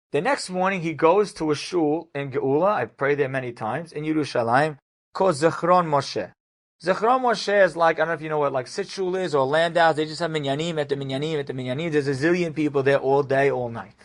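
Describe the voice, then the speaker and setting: A man, a rabbi, telling an inspirational story to an audience with lively, casual delivery. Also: medium pitch, fairly quick. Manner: animated storyteller, casual fillers.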